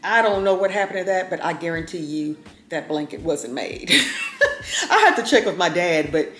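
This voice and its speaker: A woman's voice: lowish voice, big pitch swings, normal speed, a bit bright, soft background music. Chatty woman in her fifties, roomy echo. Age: 50s. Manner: chatty, folksy, keeps calling viewers y'all. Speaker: vlogger. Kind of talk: casual chat to camera.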